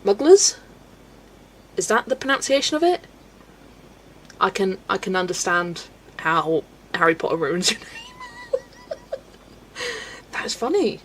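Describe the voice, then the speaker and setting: A woman's voice: fairly low pitch, very animated, normal speed, fairly bright tone, poor audio. Woman from Belgium, livestream host; chatty, giggly, casual, faint hiss under the voice. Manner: chatty, laughs often, stumbles over names. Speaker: livestream host reading chat. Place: home, colouring at a desk.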